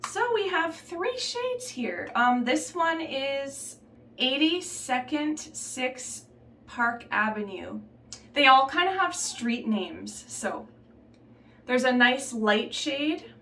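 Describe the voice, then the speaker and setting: A woman chatting casually through a makeup tutorial in a relaxed, offhand way, slipping into a put-on Southern belle accent. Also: sits high, echoey room, far from the mic, slight background noise. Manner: relaxed, chatty, trailing off and restarting while applying makeup. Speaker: beauty vlogger.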